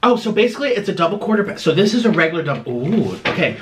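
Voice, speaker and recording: Guy doing an eating vlog at home, kinda high voice, bossy and dramatic, chews while he talks. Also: very animated, rapid-fire, background noise. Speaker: mukbang vlogger.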